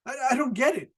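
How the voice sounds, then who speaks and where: An American man hosting a casual solo podcast, rambling and profane, with an incredulous tone and frequent laughs at his own jokes. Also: fairly high pitch. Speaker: podcast host. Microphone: podcast microphone, also filmed.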